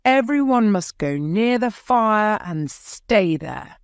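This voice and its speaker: A woman's voice: mid-range voice, animated, takes it slowly, creaky, clear, resonant tone, dry recording, studio quality, voice pushed up. A woman voicing a bold, mocking masked male hero in an audiobook, taunting his foes. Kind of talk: audiobook character voice.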